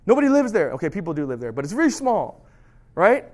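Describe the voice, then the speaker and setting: High-voiced animated man preaching. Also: quick pace. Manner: animated, lively storytelling with sudden drops to soft tones. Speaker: pastor. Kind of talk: sermon.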